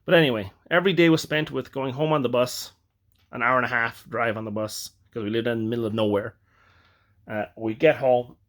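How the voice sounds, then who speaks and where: A man's voice: medium pitch, steady tone, a little fast, a bit bright. A man from Ireland telling a personal story in a rambling, reflective way, often breaking off to correct himself. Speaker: vlogger.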